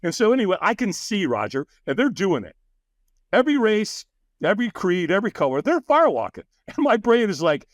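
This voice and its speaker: A high-pitched man speaks at a moderate pace in clean studio sound with no room noise. He's a guest on a podcast, animatedly recounting a story in conversation, laughing frequently and voicing the other people in it.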